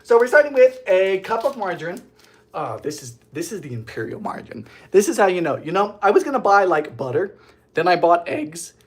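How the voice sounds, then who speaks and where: A young man from Bermuda, mildly accented, runs a live baking stream in a high, breathy voice that moves a little fast. As host he's animated and theatrical, joking his way through the bake.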